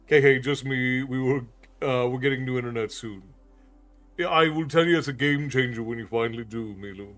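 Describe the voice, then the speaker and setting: A man's voice: medium pitch, brisk, a bit bright, soft background music. A man from New York City, a streamer, chatting casually with viewers, reading their messages aloud and laughing often.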